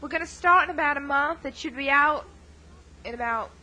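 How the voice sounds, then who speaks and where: A woman's voice: high-pitched, brisk, pushed and bright, slight background noise, low-quality recording. A woman voicing a coy female film star with a put-on Southern accent, drawling and calling people honey. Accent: put-on American Southern. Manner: drawling, calls everyone honey.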